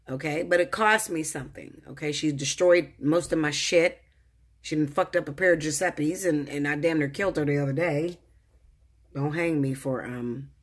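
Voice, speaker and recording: A woman's voice: deep voice, slightly rough. A woman talking as a tarot reader in a casual monologue, blunt and profane, speaking straight to the viewer. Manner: profane, blunt, animated, addresses viewer directly.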